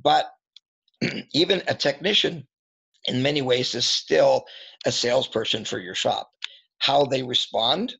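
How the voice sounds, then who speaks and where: A man coaching auto service advisors, telling candid anecdotes and clearing his throat often. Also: mid-range voice, unhurried, pauses often, fairly bright tone. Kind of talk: storytelling training talk. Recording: dull lo-fi recording.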